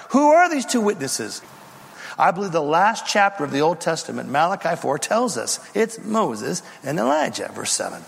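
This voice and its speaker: Animated preaching man in a big hall. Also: fairly high pitch, moderate pace, creaky, slightly rough. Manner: dramatic storytelling, acts out voices. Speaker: pastor. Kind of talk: sermon.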